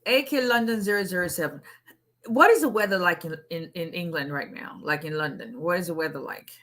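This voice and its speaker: A woman's voice: fairly low pitch, fairly quick, a bit bright. Chatty middle-aged woman hosting a livestream. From Africa. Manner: chatty, laughs often, digresses. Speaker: immigration lawyer hosting a livestream. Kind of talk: casual livestream chat.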